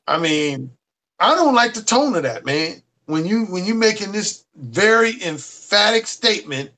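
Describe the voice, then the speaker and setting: A man speaking as a guest dating coach in casual conversation, earnest and emphatic, slowing down to stress his words. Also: sits high, big pitch swings, sharp tone. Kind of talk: casual chat.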